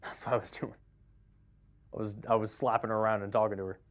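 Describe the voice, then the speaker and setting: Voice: mid-range voice, level tone, quick pace. A live game streamer in casual chat, greeting viewers by name and laughing easily.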